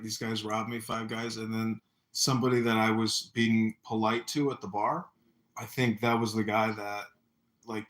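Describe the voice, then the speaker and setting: A man hosting a casual livestream chat, telling rambling stories and loudly acting out what people said. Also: fairly low pitch. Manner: rambling storyteller, acts out quotes loudly. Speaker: livestream host. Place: apartment. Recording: echoey room.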